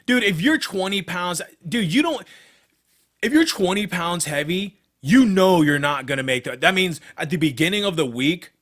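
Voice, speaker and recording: A man's voice: sits high, animated, moderate pace, fairly bright tone. A young man co-hosting a casual podcast, talking about his fighting career in a blunt, profane, worked-up way. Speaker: podcast co-host, MMA fighter.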